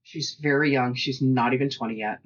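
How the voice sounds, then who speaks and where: A middle-aged woman co-hosting a casual chat, telling animated stories, acting out what people said, and laughing often. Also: a bass voice, brisk, lo-fi sound. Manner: animated storyteller who acts out quotes and laughs often. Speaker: podcast co-host and shop owner.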